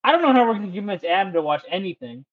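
A man's voice: high-pitched, expressive, racing, no room sound, phone-quality sound. A man hosting a podcast in casual chat, rambling and swearing freely. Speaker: podcast host.

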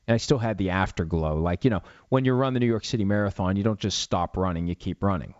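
A man's voice: low-pitched, fast talker, few pauses, a little mellow, no room sound, muffled recording. A middle-aged man hosting a solo podcast, ranting with rhetorical questions and then answering listener questions. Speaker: podcast host.

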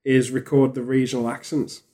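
A man chatting on a podcast, rambling and animated, with frequent restarts. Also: medium pitch, a little fast. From England. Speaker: podcast host. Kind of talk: casual podcast chat.

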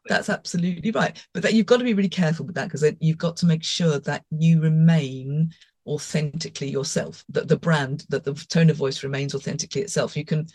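A woman co-hosting a podcast, talking in a brisk, emphatic way in casual chat. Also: low voice, a little mellow, no echo. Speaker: podcast co-host.

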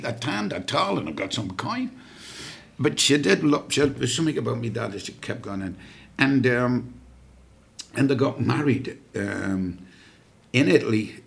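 A man as a podcast guest, telling family stories in an animated way and laughing at his own tales. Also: medium pitch, unhurried, vocal fry.

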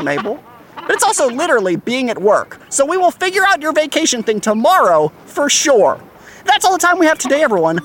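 Zany, chipper first mate. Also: female voice, high voice. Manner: chipper, zany and fast-talking. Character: goofy, eager first mate named Jimmy. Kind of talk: scripted kids' comedy podcast.

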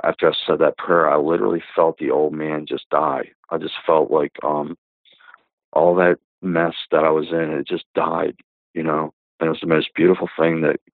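A man's voice: a bass voice, flat delivery, normal speed, no echo. A man in his fifties giving a rambling spoken testimony as a guest, with many fillers and restarts. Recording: tinny phone-line sound, dry.

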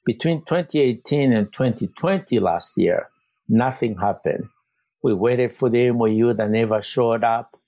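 A man's voice: medium pitch, measured pace, dark tone, no room sound. A man working as a community organizer, answering interview questions earnestly with frequent fillers and restarts. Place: Vancouver.

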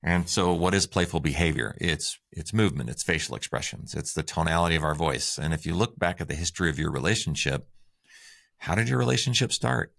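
Very deep-voiced man, upbeat co-host. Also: expressive, brisk, vocal fry, fairly bright tone. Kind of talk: relationship advice podcast talk.

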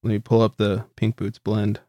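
A man's voice: lowish voice, completely flat delivery, normal speed, warm tone, no room sound, dull audio. Casual joking man, dry close sound. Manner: loose, joking, swears freely. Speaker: podcast host. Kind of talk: casual beer podcast chat.

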